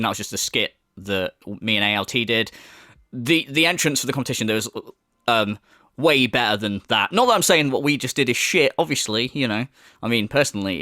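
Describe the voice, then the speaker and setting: A man's voice: mid-range voice, bright, forceful tone, dry recording, studio quality. A man doing crude, mocking commentary as a YouTuber, laughing between jabs. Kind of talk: ranting commentary.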